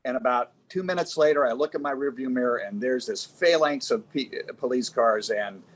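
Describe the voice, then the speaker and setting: A man who is a former television news reporter, telling a story as a guest in a halting, reflective way. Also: mid-range voice. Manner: halting, recollecting, pausing to find words. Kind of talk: casual anecdotal storytelling.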